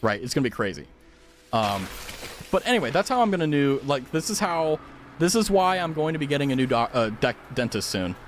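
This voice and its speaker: A young man streaming a game and telling a rambling, swear-heavy story in casual chat, laughing loudly at times. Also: mid-range voice, brisk, a little hiss or hum. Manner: animated, loud laughs. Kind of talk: casual chat while gaming.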